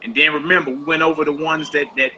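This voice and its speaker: A man's voice: a little high, flat delivery, quick pace, a little hiss or hum. A man teaching a language class, patiently going over homework and repeating each instruction. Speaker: Hebrew teacher. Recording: dull lo-fi recording.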